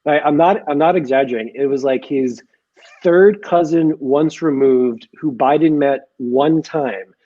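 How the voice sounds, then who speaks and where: A man's voice: on the high side, a little slow, dull audio. An American man, a comedian, chatting casually on a video call and rambling through restarted sentences. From United States. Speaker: comedian guest.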